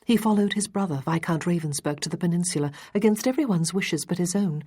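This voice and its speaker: Woman reading earnest Regency lady, measured, steady, low voice, breathy edge, audiobook.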